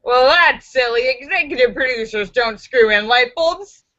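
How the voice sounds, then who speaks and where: Unhurried but pushed and bright, a woman's fairly high voice is recorded dry on a dull, lo-fi computer microphone. She hosts a live stream, reading viewers' jokes aloud theatrically, putting on voices and shrieking punchlines, with chatty asides and lots of laughter.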